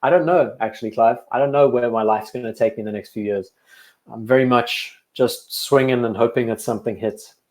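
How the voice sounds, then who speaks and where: A young man with a blend of South African and English accents hosts a watch channel live stream, talking a little fast at an ordinary middle pitch. Recorded in an echoey room at home, he rambles in a relaxed way, reading viewer comments and answering chat questions between remarks about watches.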